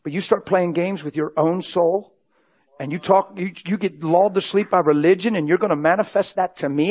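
Brief: middle-aged male pastor, lively storyteller, fairly high voice, shifts from booming to hushed. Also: brisk. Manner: animated, acts out dialogue, swings from loud to hushed. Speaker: preacher. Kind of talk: sermon storytelling.

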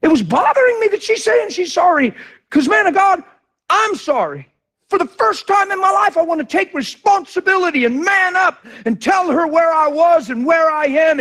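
A man preaching a testimony in animated storytelling, swinging from shouts to hushed near-whispers. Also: extremely high pitch, a little fast. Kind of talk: sermon testimony.

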